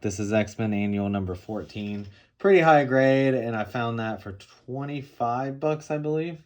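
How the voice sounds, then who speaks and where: A man casually showing off and talking through comic books he bought, in a relaxed, rambling way with frequent fillers. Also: medium pitch. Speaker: comic book collector showing his haul. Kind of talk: casual show-and-tell vlog.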